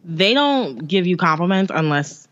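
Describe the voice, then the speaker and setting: Agreeable New woman, low-ish voice. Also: sing-song, a bit bright, muffled recording, slight background noise. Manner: agreeable, quick reactions, slangy. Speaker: podcast co-host. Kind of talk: casual chat.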